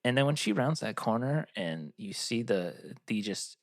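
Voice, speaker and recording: A man's voice: medium pitch, very animated, normal speed, no echo, studio quality. A man co-hosting a film podcast, describing scenes in a laid-back, casual way. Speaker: podcast co-host. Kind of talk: casual chat.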